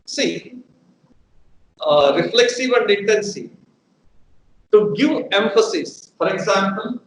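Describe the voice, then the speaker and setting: A man teaching a grammar lesson, deliberate and repeating his examples for emphasis. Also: sits high, expressive. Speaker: English teacher. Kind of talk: live educational lecture. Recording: roomy echo with faint room hum.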